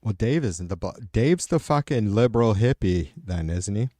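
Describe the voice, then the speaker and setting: A man's voice: fairly low pitch, animated, moderate pace, warm tone, no echo, clean studio sound. A middle-aged man hosting a livestream, chatting casually with viewers and answering their comments aloud in a profane, rambling way. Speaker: livestream host.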